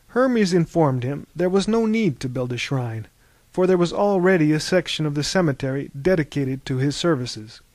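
A man narrating a storybook in a calm, measured, wry way. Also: a little high, no echo. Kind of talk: storybook reading.

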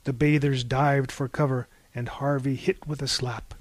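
A man's voice: medium pitch, level tone, moderate pace, dry recording. Man with a wry mock-epic narration. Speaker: audiobook narrator. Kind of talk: scripted narration.

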